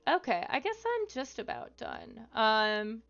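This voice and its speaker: Woman, live-stream chat, higher voice, clear, many ums and you-knows, muffled audio. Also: big pitch swings, unhurried, a bit bright, faint music behind. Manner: chatty, frequent fillers. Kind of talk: casual live-stream talk.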